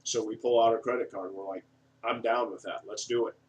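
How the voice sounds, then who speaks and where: A man giving an energetic, self-described eccentric video monologue, acting out excited buyers in a raised voice. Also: lowish voice, a little fast, far from the mic. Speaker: online marketing reviewer.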